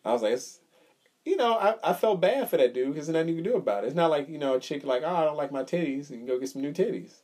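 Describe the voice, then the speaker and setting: A man's voice: a little high, lively intonation, fast, darkish tone. A man co-hosting a casual podcast chat, telling a story with swearing and acting out the quotes. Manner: storytelling, profane, acts out quotes. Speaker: podcast co-host.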